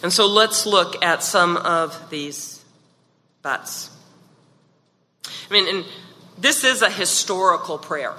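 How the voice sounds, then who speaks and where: A woman's voice: on the low side, animated, slow pace, pauses often, pushed and bright, long reverb tail. A woman giving a devotional talk in a casual, joking manner, with many asides to listeners. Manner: chatty, joking, many "you know" asides. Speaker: devotional speaker.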